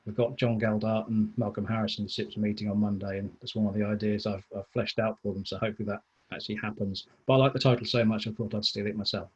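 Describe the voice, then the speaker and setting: A man giving a webinar talk on procurement, in a flat, dry manner with wry asides. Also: on the low side, quick pace, few pauses, slightly rough, lo-fi sound. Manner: self-described monotone, dry wry asides. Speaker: procurement consultant and speaker.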